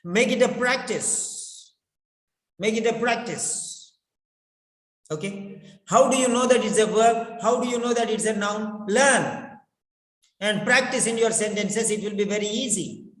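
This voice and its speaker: A man with a high voice teaches English pronunciation to a small online class. He repeats his key phrases and coaxes the students to answer. His voice rings with long reverb in an echoey room. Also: unhurried, a bit bright. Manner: repeats words and phrases, coaxing students to respond. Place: in his village.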